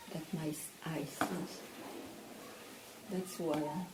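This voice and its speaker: A woman spiritual teacher in a satsang dialogue, talking slowly and probing with questions. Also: low voice, fairly even intonation. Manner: slow, probing, questions the listener. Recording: echoey room with faint noise.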